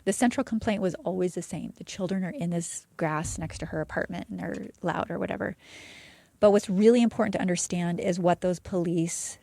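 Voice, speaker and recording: A woman walks through a true-crime case in relaxed podcast chat, tossing in blunt asides. Her voice is somewhat low with plenty of gravelly fry. The recording is close and dry. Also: fairly quick, no room sound. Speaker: podcast co-host.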